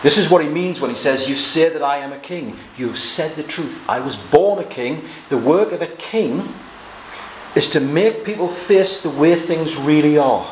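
A man's voice: on the high side, moderate pace. A man preaching an expository sermon, reading scripture aloud and explaining it verse by verse. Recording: echoey room with faint noise.

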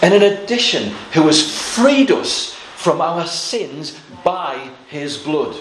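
A man preaching a sermon, telling a story with asides and little laughs, and slowing down to stress key words. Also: on the high side, very animated, fairly bright tone, roomy sound, slight background noise, low-quality recording.

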